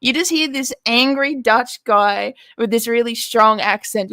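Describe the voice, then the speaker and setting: Woman, chat regular, slightly high voice, dry recording, lively storyteller. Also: measured pace, no room sound. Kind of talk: casual chat.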